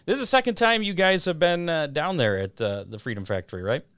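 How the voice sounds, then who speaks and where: A man's voice: a little high, smooth, dry recording. Host of a racing talk show, man, resonant voice, dry sound. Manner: relaxed, halting with fillers. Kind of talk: casual interview hosting.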